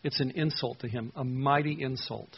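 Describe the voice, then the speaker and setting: Guy doing a bible study, kinda husky, earnest and chatty, leans hard on key words. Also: medium pitch, fairly even intonation, moderate pace, highs cut off. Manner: conversational and earnest, with emphatic stresses. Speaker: Bible teacher. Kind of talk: verse-by-verse Bible teaching.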